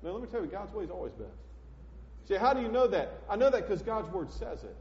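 Male pastor, high-pitched and emphatic, preaching from the pulpit; recording is dull and lo-fi. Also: big pitch swings, a little fast. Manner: emphatic preaching, swinging between loud and hushed. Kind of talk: sermon. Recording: echoey hall, dull lo-fi sound.

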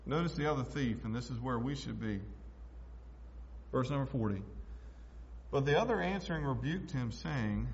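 A man preaching a sermon as pastor, emphatic, swinging between loud declarations and hushed asides. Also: mid-range voice, lively intonation, moderate pace, long pauses, slight background noise. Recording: echoey hall, dull lo-fi sound.

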